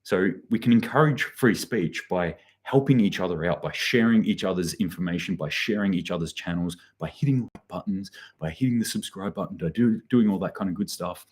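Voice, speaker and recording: Deep-voiced male host, loose off-the-cuff news commentary, reads out chat comments. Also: a little fast, hardly any pauses, breathy edge. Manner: rambling, many fillers and restarts, reads out chat comments.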